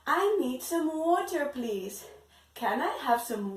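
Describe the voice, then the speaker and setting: A woman teaching English to young children in an online lesson, slowly repeating words for them to copy. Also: high voice, big pitch swings. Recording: echoey room.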